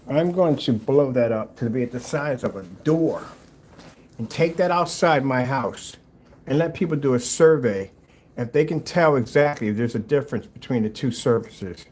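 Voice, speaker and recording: A man reacting to a rival's screen paint video with mocking, exasperated commentary, swinging between loud outbursts and low muttering. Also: moderate pace, a little hiss or hum.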